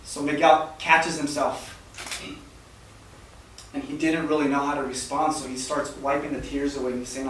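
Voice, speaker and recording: A man preaching a sermon as a story, soft-spoken and halting, with many fillers and repeated words. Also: a little high, flat delivery. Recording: very echoey hall, mic far off, faint noise.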